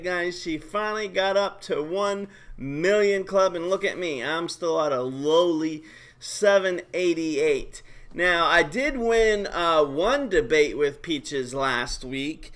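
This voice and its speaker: Male streamer with a high voice, casual and excitable game commentary. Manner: excitable, joking, quick bursts of hype. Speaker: live stream host.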